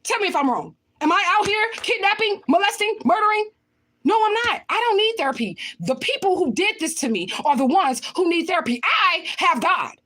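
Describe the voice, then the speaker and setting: A woman's voice: extremely high pitch, big pitch swings, a little fast, fairly bright tone. A woman livestreaming and answering viewer comments in a blunt, confrontational way, swearing often and repeating her points for emphasis. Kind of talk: casual livestream talk.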